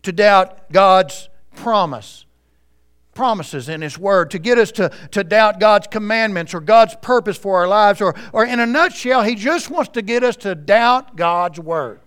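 High-voiced male pastor preaching. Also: animated, unhurried, fairly bright tone, clear, resonant tone. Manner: earnest, addresses the congregation directly. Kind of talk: sermon. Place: church service.

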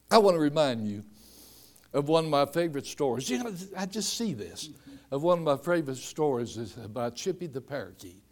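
An older man preaching a sermon, telling homespun stories and rising from quiet asides to shouted emphasis. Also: a little high. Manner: storytelling, swings from soft asides to shouted emphasis.

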